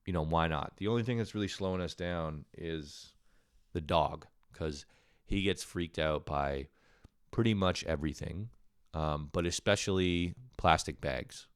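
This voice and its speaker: A man's voice: deep voice, a little slow, clean tone, no echo, studio quality. A man hosting his own show, telling a rambling, profane, self-mocking story in a casual way, with a sore throat. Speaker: podcast host. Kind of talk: casual comedic storytelling monologue.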